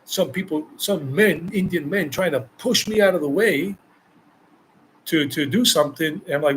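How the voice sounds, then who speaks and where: The voice is a man's, fairly high and a bit bright, moving at a moderate pace over slight background noise in a low-quality recording. He's an American travel vlogger chatting through a live Q&A, answering viewers emphatically and repeating phrases for stress.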